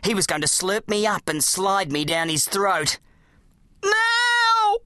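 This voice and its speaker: An audiobook narrator, telling a children's adventure story in an animated, dramatic way. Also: mid-range voice, normal speed, no room sound, clean studio sound. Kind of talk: scripted narration of a children's book.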